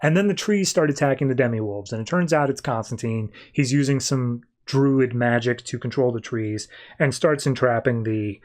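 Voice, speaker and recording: A man's voice: mid-range voice, moderate pace. A man hosting a podcast, recapping a comic book in a rambling, informal way with many fillers. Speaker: podcast host.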